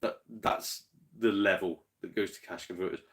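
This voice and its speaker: A man's voice: deep voice, steady tone, moderate pace, fairly bright tone. A man chatting casually to livestream viewers, rambling, swearing freely and chuckling between rants. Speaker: game collector streamer.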